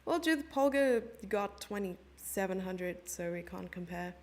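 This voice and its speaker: Chatty South African woman, gravelly voice. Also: mid-range voice, expressive, a little slow. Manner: chatty, giggly, reads chat messages aloud. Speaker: chess commentator and streamer. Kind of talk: live chess commentary, chatting with stream chat.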